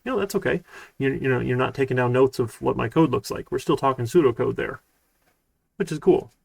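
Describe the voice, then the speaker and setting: Gravelly relaxed man teaching programming. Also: mid-range voice, brisk, no echo. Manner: relaxed, rambling, lots of fillers. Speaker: college programming instructor. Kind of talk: casual live-streamed lecture.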